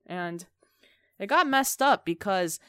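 A woman's voice: mid-range voice, lively intonation, slow, fairly bright tone, clean tone, no room sound, studio quality. A peppy young woman co-hosting a podcast, telling a story in casual chat. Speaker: podcast co-host.

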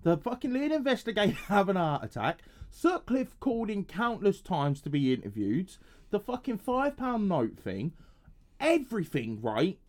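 A man's voice: sits high, sing-song, normal speed, darkish tone. A man from England co-hosting a podcast, swearing constantly, laughing often and acting out voices in crude casual banter. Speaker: podcast co-host.

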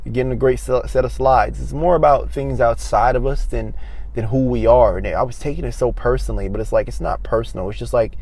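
A young man hosts his own podcast and tells a personal story in a relaxed monologue. He leans on fillers, restarts, and quick reenactments of what people said. His tone moves between excited bursts and calmer reflection. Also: mid-range voice. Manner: animated, filler-heavy, reenacts dialogue. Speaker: podcast host.

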